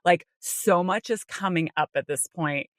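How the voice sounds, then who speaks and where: A woman with a bright, forward voice shares a personal story on a podcast. She is casual and animated, often slipping into her own inner voice and laughing lightly. The sound is close and dry. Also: on the low side, measured pace, no echo. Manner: frequent light laughter and "like" fillers. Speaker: podcast co-host.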